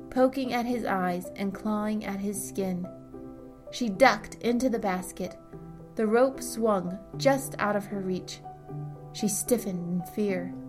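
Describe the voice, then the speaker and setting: A woman narrating a fantasy story in a steady storytelling manner. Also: medium pitch. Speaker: audiobook narrator. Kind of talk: scripted narration.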